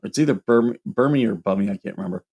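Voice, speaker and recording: A man's voice: fairly low pitch, fast, vocal fry, husky, dull audio. A man hosting a casual livestream, reading viewer questions aloud and answering them in a loose, rambling way.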